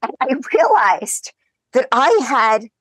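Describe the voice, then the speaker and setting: A woman as a podcast guest, telling lively anecdotes in casual chat and laughing as she goes. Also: high-pitched, slow pace, breathy edge, no echo. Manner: animated, chatty, laughs through her stories.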